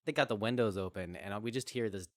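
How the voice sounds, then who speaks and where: A man chatting casually with friends, telling an anecdote in a relaxed way with chuckles. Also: on the low side, fast talker, no echo, studio quality. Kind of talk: casual chat.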